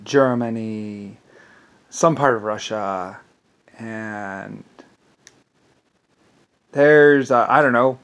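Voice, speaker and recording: A man delivering an angry, rambling vlog monologue, swearing and repeating words as he stumbles. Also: medium pitch. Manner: profane, indignant, repeats words when stumbling. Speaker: vlogger.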